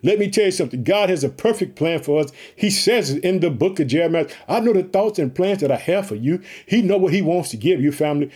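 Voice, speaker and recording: A man preaching an energetic sermon, excited and pumped up, often calling out to his listeners and repeating catchphrases. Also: a little high, quick pace, hardly any pauses, husky.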